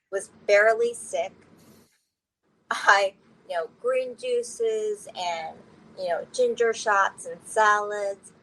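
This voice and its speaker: A woman's voice: mid-range voice, sharp tone, poor audio. A woman telling her personal story candidly as an interview guest, often laughing through difficult memories.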